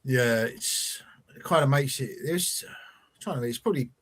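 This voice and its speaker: A man's voice: medium pitch, moderate pace, a bit bright. A man hosting a casual football fan podcast, rambling and teasing his co-host.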